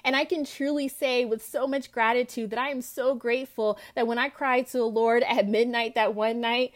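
A woman's voice: a little high, steady tone, normal speed, few pauses. A woman hosting a faith podcast, sharing her personal testimony in an earnest, heartfelt way and quoting scripture. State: tearful at times. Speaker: podcast host.

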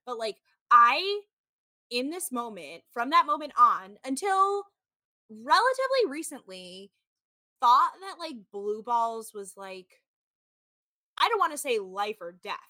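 A thirtysomething woman with a voice on the high side talks at a measured pace on a dry recording. As a podcast co-host recapping a reality show, she tells animated stories, uses "like" frequently, and performs the quotes she relays.

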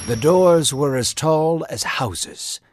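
A man's voice: on the high side, takes it slowly, darkish tone, a little hiss or hum. A man narrating a Bible story in a dramatic storytelling manner, over a music bed.

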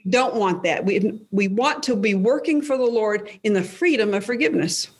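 A woman's voice: mid-range voice, lively intonation, moderate pace, husky. An older woman, a guest author, speaking candidly and reflectively about her life in a faith-based interview.

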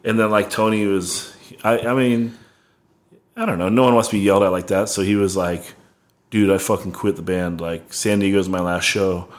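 A man's voice: low-pitched, fairly even intonation, moderate pace. A young man casually telling a rambling, profane tour story, full of "like" and laughs. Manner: rambling, heavy on "like", swearing, laughing.

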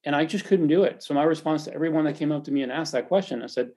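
A man's voice: a little high, racing, few pauses, a little mellow. A middle-aged man hosting a faith podcast, talking in an earnest, encouraging and reflective way. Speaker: podcast host.

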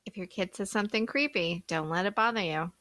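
A woman's voice: mid-range voice, a little fast, pushed and bright, no echo. A woman co-hosting a podcast in casual comedic chat, teasing and laughing often. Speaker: podcast co-host.

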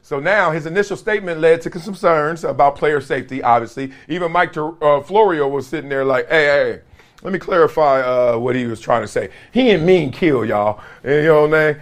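A man's voice: on the high side, a little fast. A young adult man hosting a podcast in casual, slangy sports talk, laughing between jokes. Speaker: podcast host.

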